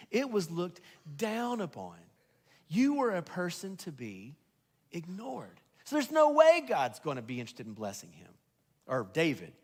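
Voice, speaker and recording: Pastor guy preaching, pitch jumps all over, slightly high voice, long echo of a church hall. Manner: animated preaching, swinging from loud emphasis to hushed tones. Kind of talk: sermon. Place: church sanctuary.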